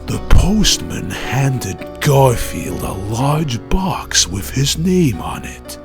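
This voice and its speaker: A man's voice: lowish voice, huge pitch swings, drawn-out words, gravelly, soft background music. A man reading a children's scary story aloud in a dramatic way, building tension. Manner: dramatic, builds tension, rising to near-shouting at scary moments.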